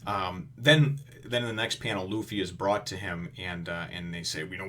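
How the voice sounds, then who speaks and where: A man's voice: low voice, moderate pace, a bit bright. A man giving a casual, rambling review of a comic chapter, full of fillers and chuckles.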